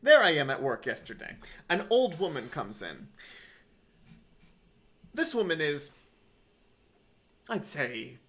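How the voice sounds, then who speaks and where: A man telling a comedic story in an animated, digressive and sardonic way. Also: a little high, slow pace, long pauses. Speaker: podcast comedian.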